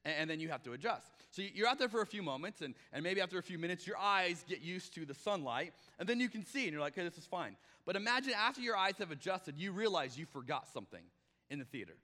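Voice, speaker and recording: A man's voice: sits high, big pitch swings, fast, bright, forceful tone, in a large hall. A man preaching a conversational sermon as pastor, often acting out the voices he quotes.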